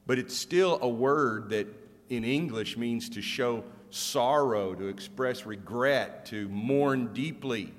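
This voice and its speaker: A man's voice: medium pitch, big-room sound. A middle-aged man preaching a sermon as pastor, speaking candidly and conversationally, with self-deprecating humor and frequent restarts.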